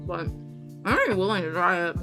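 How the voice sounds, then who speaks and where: A woman's voice: on the low side, a little fast. A woman streaming live, chatting casually and rambling while reading on-screen text aloud. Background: music playing.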